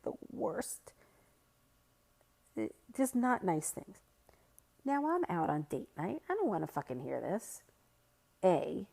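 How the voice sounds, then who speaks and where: A middle-aged woman hosting a podcast, telling a personal story in a casual, animated way. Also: fairly low pitch, vocal fry, dry recording. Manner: animated, vents with rising heat. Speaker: podcast host.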